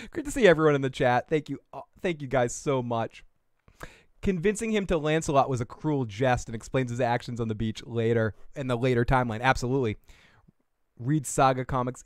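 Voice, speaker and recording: A man's voice: mid-range voice, no echo, studio quality. A man hosting a live recap podcast, casual and jokey, swearing, laughing often and reading the chat aloud. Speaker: podcast host.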